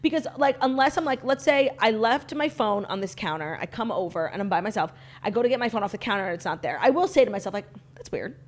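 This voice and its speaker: A woman's voice: a little high, animated, fast talker. A young woman co-hosting a podcast, telling a story in casual chat with giggles. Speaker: podcast co-host.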